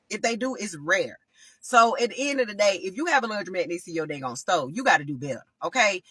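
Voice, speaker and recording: A woman's voice: fairly low pitch, bright, forceful tone, dry recording. A woman telling a story straight to her viewers in a heated, profane rant, calling them y'all throughout. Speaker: vlogger. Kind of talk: casual storytelling rant to camera.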